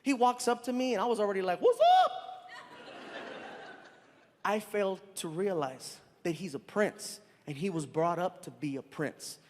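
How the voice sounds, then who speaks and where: Thirtysomething comedian guy, high voice, animated storytelling, echoey big room, bit of hiss. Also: moderate pace, few pauses. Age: 30s. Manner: animated, jumps into loud voices for characters. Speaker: stand-up comedian. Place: stage in a large venue. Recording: reverberant venue, faint noise.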